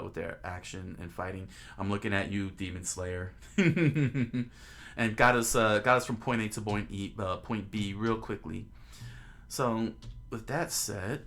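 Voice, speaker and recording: A man with a fairly low voice talks through a comic in relaxed, offhand commentary. His speech halts often, filled with ums, uhs and repeated starts as he gathers his thoughts. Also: creaky. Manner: halting, full of ums and restarts. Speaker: comic reader and reviewer. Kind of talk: casual commentary.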